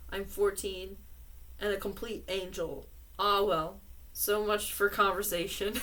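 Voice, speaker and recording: A woman's voice: mid-range voice, fairly bright tone. Giggly woman reading letters aloud. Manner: giggly, laughs often between lines. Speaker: reader and commentator.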